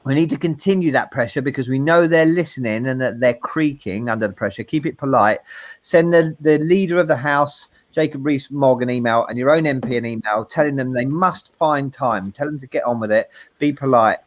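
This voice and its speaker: A man's voice: mid-range voice, fairly quick, no echo. Jokey London man co-hosting, dry sound. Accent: South East London. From South East London. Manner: jokey, laughs often, self-mocking. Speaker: co-host. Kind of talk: casual chat.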